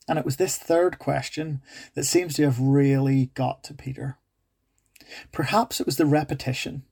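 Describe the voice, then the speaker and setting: A man's voice: medium pitch, creaky, a little mellow, slightly rough. A man preaching a sermon in an earnest way, acting out quoted dialogue with rising intensity.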